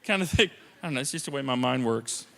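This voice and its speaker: A male pastor preaching a sermon in an animated, joking way, swinging between quiet and loud. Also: mid-range voice, fast talker, creaky. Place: church sanctuary. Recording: reverberant church sanctuary.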